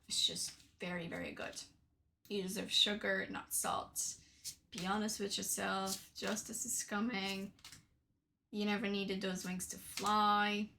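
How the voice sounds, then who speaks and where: A tarot deck reviewer from Portugal, young and chatty, casually shows off her decks in a mid-range, somewhat bright voice. Fillers and tag questions such as "right?" come up often, and there's a little hiss or hum in the recording.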